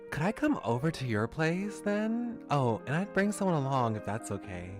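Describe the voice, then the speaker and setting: Bubbly high-voiced Valley Girl schoolboy, teenage, eager; a male streamer puts it on. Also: sing-song, a little slow, over music. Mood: upbeat.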